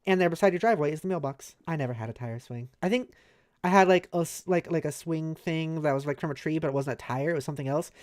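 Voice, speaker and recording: An American woman streaming, chatting casually with viewers; she talks fast, slurs her words a little and fills her speech with "like". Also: deep voice, darkish tone. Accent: American, maybe New England. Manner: reassuring, chatty, lots of "like" fillers. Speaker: streamer reading a webcomic aloud.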